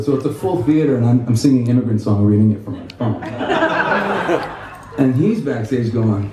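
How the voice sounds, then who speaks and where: A man giving a guitar clinic, telling animated stories to an audience with laughter and quoted voices. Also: medium pitch, normal speed, background noise. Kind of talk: casual storytelling to an audience. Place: music store clinic in front of an audience. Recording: echoey room, mic from a distance.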